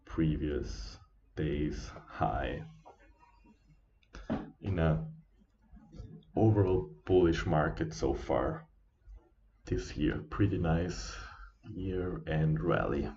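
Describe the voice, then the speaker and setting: A tired man hosts a live trading stream in a very deep voice. He talks slowly and haltingly, with fillers and restarts. The audio is dull and lo-fi. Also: warm tone, a little hiss or hum. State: sleepy, yawning. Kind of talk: casual live trading commentary.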